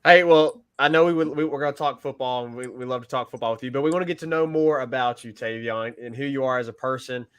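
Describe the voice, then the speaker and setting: A man's voice: mid-range voice, quick pace, hardly any pauses, clear, resonant tone, highs cut off. A man co-hosting an interview show, asking long, winding questions in an earnest way. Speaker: podcast co-host.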